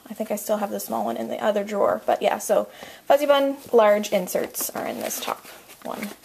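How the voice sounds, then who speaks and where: With a fairly high, darkish voice and noticeable vocal fry, a young woman vlogger shows off a home nursery. She's breathless and chatty, drops lots of ums and likes, and trails off while moving around.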